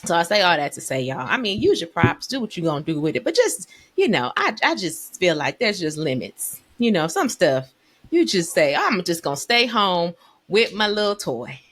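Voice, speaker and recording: A woman co-hosting a faith podcast, chatting casually in an animated, emotional way. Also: lowish voice, moderate pace. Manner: animated, emotional storyteller, Southern US dialect forms. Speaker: podcast co-host. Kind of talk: casual chat.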